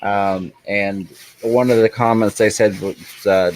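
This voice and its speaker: Friendly and talkative, this man runs a live stream with easy casual chatter and a slightly low voice. He laughs often as he talks and tosses in quick apologies. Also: steady tone, slight background noise, rough recording. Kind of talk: casual chat.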